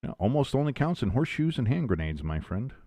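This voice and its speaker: Animated, profane male sports host. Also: medium pitch, fast, no echo, clean studio sound. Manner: animated play-by-play mixed with profane rants. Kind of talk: live game watch-along commentary and chat.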